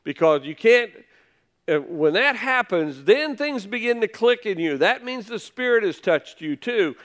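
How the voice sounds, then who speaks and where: Male preacher, somewhat high pitch, relaxed teaching sermon that mixes scripture reading with casual retelling. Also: a little slow. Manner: conversational, paraphrases scripture in casual speech.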